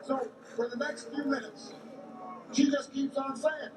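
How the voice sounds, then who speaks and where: Brief: male candidate at a rally, high voice, distant echoey recording, halting storytelling. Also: fairly even intonation. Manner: halting delivery with many repeated words. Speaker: political candidate. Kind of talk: campaign rally speech, storytelling. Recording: echoey, distant mic, background noise.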